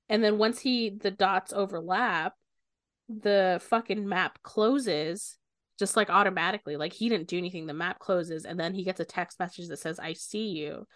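A young woman co-hosting a book podcast, talking casually at a middling pitch. She swears freely and retells the story in an animated way. The sound is dry and close. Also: no echo. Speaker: podcast co-host.

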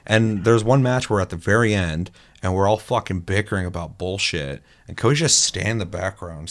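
A man with a low voice tells gaming stories in casual chat. He is animated and swears freely. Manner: animated storytelling, heavy swearing.

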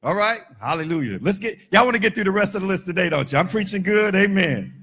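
A man preaching a sermon as pastor, animated and joking with the congregation, shouting at times for emphasis. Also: high-pitched, fast, husky.

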